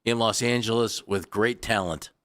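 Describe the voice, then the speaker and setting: A male sports radio co-host who talks his views through in a measured way. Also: lowish voice, a bit bright, no room sound.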